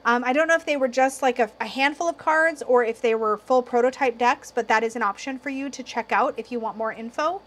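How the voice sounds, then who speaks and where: A young woman reviewing tarot decks in a casual video, slightly tipsy, excitable and giggly, cursing now and then. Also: a little high, a little fast, few pauses. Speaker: tarot YouTuber.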